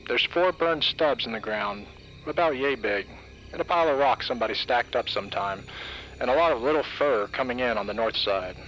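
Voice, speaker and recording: A man voicing a gruff male pilot giving a clipped, matter-of-fact report over the radio, a bit higher and quieter than his narrating voice. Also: a little fast, faint music behind, close to an everyday voice, poor audio.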